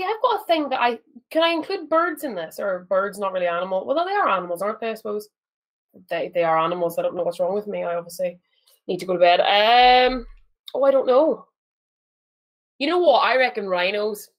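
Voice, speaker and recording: A woman co-hosting a casual fan podcast, self-deprecating and scatterbrained, laughing at herself and swearing freely. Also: mid-range voice. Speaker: podcast co-host. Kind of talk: casual chat.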